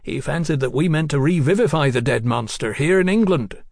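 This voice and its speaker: A man voicing a gruff, hearty middle-aged explorer in a storybook reading. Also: fairly high pitch, expressive, fairly quick, no room sound, studio quality.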